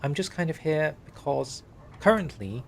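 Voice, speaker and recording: A man's voice: on the high side, expressive, normal speed, vocal fry, slight background noise. A young man streaming and talking over a strategy game, chatty and wry, reading in-game text aloud. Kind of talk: game livestream commentary.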